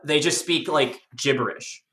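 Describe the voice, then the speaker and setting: Rambling enthusiastic podcast guest, bright tone. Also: medium pitch, a little slow, echoey room. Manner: rambling, enthusiastic, many fillers. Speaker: podcast guest explaining game lore. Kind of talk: casual podcast chat.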